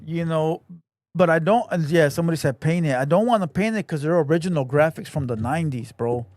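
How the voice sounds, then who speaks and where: A man's voice: a little high, brisk, a little mellow, dry recording, studio quality. A male podcast host, chatting casually to a livestream audience in blunt, profane, laid-back street slang. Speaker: podcast host reading viewer comments.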